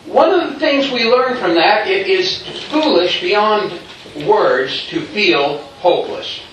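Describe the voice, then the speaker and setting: A man tells a story in a sermon-like style, acting out what people said and chuckling as he goes. His voice sits high and fairly bright, animated but unhurried. It was captured on a distant mic in a very echoey hall, with faint background noise.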